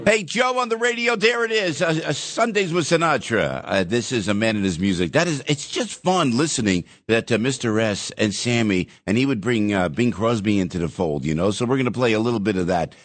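A middle-aged man hosts a call-in radio show in an easy, joking way. He fills his talk with "uh" and "you know" and keeps things loose with callers. His voice sits at an ordinary male pitch. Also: expressive, fairly quick, hardly any pauses. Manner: teasing, loose, filler-heavy. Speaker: radio host. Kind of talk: casual call-in radio chat.

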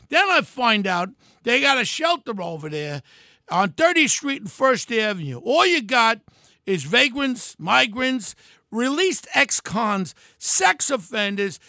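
An older man, hosting a podcast and delivering a loud, heated, combative political rant. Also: high-pitched, very animated, a little slow, no room sound. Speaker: podcast host.

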